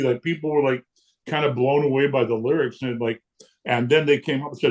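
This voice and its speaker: A man, a guest telling stories in casual chat, lively and blunt, acting out what people said and swearing freely. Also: medium pitch, fairly quick. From Canada. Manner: lively storyteller who acts out quotes and swears freely. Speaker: guest punk musician. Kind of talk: casual storytelling.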